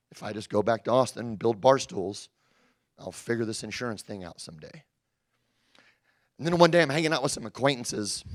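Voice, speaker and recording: A man tells a story from his own working life. He is animated and jumps in and out of the voices of the people he quotes. His voice sits at an ordinary middle pitch for a man. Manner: animated, acts out quoted dialogue. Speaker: storyteller recounting his sales career. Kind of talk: energetic personal storytelling.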